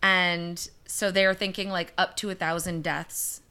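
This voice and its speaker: Bright, clear-voiced young woman podcaster. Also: fairly low pitch, level tone, unhurried. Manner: chatty, swearing, many fillers. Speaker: podcast co-host telling a disaster story. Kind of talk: casual chat.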